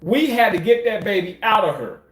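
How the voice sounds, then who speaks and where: A man's voice: high voice, animated, moderate pace, roomy sound. A man telling a story in a casual, emphatic way, swearing often and repeating phrases for effect. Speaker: commentator.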